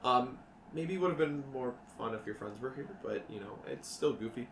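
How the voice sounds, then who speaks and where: A man runs a tabletop game in a loose, rambling way, swearing casually. His voice is bright and lively. It sounds distant in an echoey room. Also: mid-range voice, moderate pace, a little hiss or hum. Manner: rambling, laughing, profane asides. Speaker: game master.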